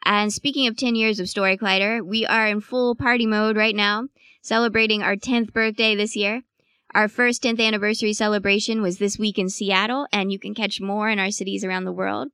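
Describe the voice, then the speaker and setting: A woman host reading guest credits and show announcements in a brisk, scripted way. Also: mid-range voice, fairly even intonation, bright, forceful tone, smooth, dry recording, studio quality. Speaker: podcast host.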